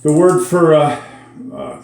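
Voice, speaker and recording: A man's voice: fairly high pitch, huge pitch swings, takes it slowly, darkish tone. A man with a Minnesota accent, teaching a daily Spanish word in a chatty, folksy way with dry asides. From Minnesota, USA. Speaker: host teaching Spanish words. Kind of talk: casual spoken lesson. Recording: echoey room.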